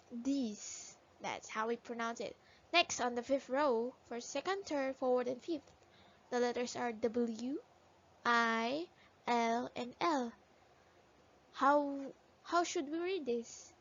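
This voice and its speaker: Slow patient phonics teacher, woman. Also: fairly high pitch. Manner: slow, sounds out letters and repeats words for children to echo. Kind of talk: phonics lesson for young children. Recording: dull lo-fi recording.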